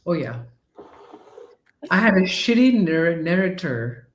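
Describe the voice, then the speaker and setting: Playful low-voiced woman in an echoey room. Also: sing-song, takes it slowly, a little hiss or hum. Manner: laughs often, playful. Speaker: co-host. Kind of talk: casual livestream chat.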